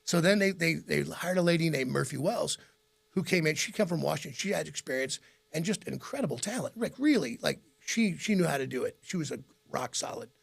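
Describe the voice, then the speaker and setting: This radio host and guest, a middle-aged man with a Midwestern American accent, speaks briskly in a higher-leaning voice that's creaky and a bit rough. Telling stories in a relaxed interview, he performs the voices of those he quotes, laughing frequently and staying animated throughout.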